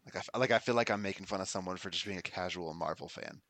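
A man's voice: low voice, rapid-fire, a bit bright, dry recording. A man running a tabletop game as game master, wry and self-deprecating, a bit sniffly from allergies.

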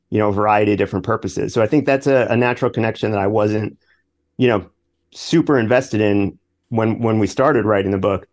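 A man's voice: on the low side, a little mellow. A man from New York, a guest author in a podcast interview, talking hesitantly with lots of restarts. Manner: hesitant, full of 'you know' and restarts.

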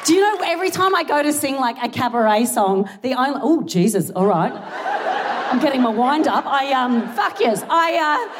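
A young Australian woman performs stand-up on a big theatre stage, her voice high and bright as she giggles through her set. She is excitable and self-deprecating. A large audience laughs and cheers around her, with steady noise in the live recording. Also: moderate pace, a crowd in the background. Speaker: stand-up comedian.

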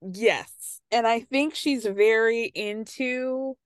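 A woman's voice: a little high, slow pace, no echo, clean studio sound. A woman hosting a podcast, recapping a reality show in a casual, snarky way that is full of swearing and laughter. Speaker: podcast host.

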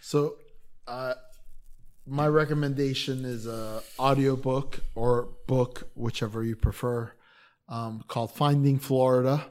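A man's voice: medium pitch, steady tone, unhurried, a little mellow. A man in his fifties, raised in Florida after a Philadelphia childhood, talking earnestly in casual podcast chat with many restarts. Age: 50s. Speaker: podcast guest.

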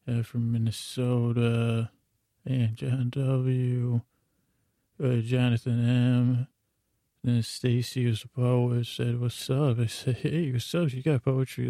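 A man hosting a bedtime podcast, telling a meandering, drowsy run of offbeat listener shout-outs. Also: medium pitch, no echo. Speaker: podcast host. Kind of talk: rambling bedtime podcast storytelling.

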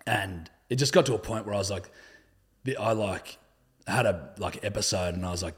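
A young Australian man, a podcast guest, tells stories in a casual, laid-back way, swearing often and saying "like" constantly. His voice is lowish and slightly rough, and he talks a little fast.

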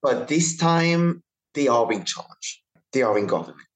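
A man from Italy with an Italian accent, a writer and activist being interviewed as a podcast guest. He speaks in measured, drawn-out phrases, often hedging with fillers. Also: mid-range voice, big pitch swings, low-quality recording.

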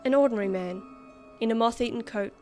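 A woman reading a story aloud as narrator in a measured, expressive way. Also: on the high side, soft background music. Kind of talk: scripted narration.

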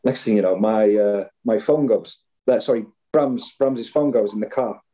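A man in his thirties recounts an old story in a relaxed chat, slipping into the voices of the other people involved. His tone is warm and dark, with a husky edge to it. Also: on the low side, moderate pace, rough recording. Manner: animated anecdote-telling, acting out others' voices. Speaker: guest storyteller. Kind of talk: casual chat.

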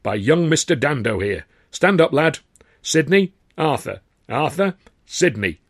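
A man's voice: on the high side, very animated, a little slow, slightly rough, no echo, clean studio sound, pitched above the performer's own voice, full character voice. A man voicing a sarcastic, calculating older male theatre boss who talks bluntly to his employees. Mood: flamboyant.

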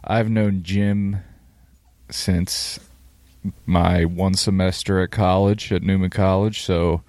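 A man's voice: sits low, level tone, slow, darkish tone, no room sound. A man co-hosting a casual podcast chat, blunt and swearing freely. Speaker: podcast co-host.

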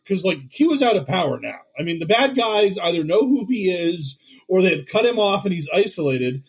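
A man's voice: sits high, expressive, moderate pace, slightly rough, low-quality recording. A man co-hosting a podcast in casual comedic chat, rambling with lots of "like" and acting out quotes. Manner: rambling, heavy use of "like", acts out quotes. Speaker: podcast co-host.

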